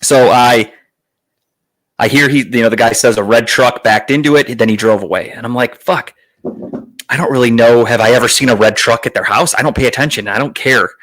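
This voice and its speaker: A young adult man from Northeast Ohio hosts a podcast in a loose, rambling monologue. His voice sits at an average pitch, and he talks in a self-deprecating way, swearing freely as he goes. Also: brisk, fairly bright tone. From Northeast Ohio, USA. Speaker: podcast host telling a story. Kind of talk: casual storytelling monologue.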